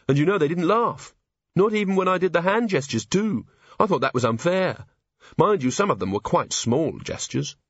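A man's voice: fairly high pitch, animated, moderate pace, no echo, lo-fi sound, pitched above the performer's own voice. A man voicing a blunt, worldly young woman constable in a storybook reading, matter-of-fact and wry. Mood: dry.

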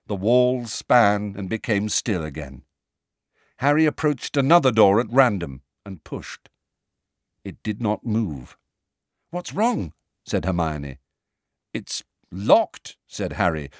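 A man narrating a storybook in a lowish voice. His reading is expressive, with a lively rise and fall in pitch. The recording is close and dry, with no room sound. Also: measured pace, no room sound. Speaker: audiobook narrator.

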